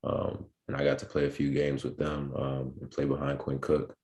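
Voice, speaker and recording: Young man, extremely low voice, laid-back storyteller, lots of ums, podcast guest. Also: monotone, normal speed, a little mellow. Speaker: podcast guest, pro basketball player. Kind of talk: casual interview storytelling.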